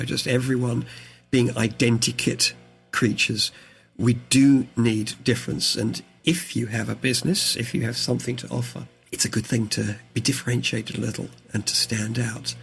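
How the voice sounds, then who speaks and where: A man from southeast England whose English accent carries a mix of international influences, speaking as a leadership coach in a relaxed, articulate podcast interview. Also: medium pitch, gravelly. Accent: mixed English accent with international influences.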